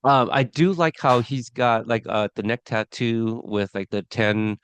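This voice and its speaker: A man's voice: medium pitch, steady tone, measured pace, clean tone, no room sound. A man co-hosting a podcast review of a TV episode, talking casually with lots of fillers and restarts. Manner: chatty, many fillers and restarts.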